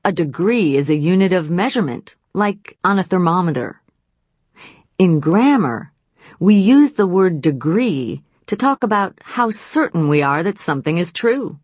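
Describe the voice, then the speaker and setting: A woman's voice: on the low side, sing-song, measured pace, darkish tone, no room sound. A woman teaching a grammar lesson in a patient, explanatory way. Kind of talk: scripted grammar lesson narration.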